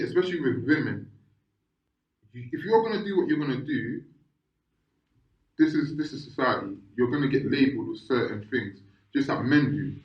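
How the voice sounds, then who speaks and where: Man chatting in an echoey room. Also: mid-range voice. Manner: rambling, many restarts and "do you understand?". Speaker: podcast co-host. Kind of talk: casual chat. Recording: echoey room, slightly muffled sound.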